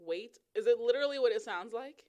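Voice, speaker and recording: A woman co-hosting a casual podcast chat, quick with jokes and wisecracks. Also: on the high side, lively intonation, darkish tone. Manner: jokey, quick with wisecracks and laughter. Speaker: podcast co-host.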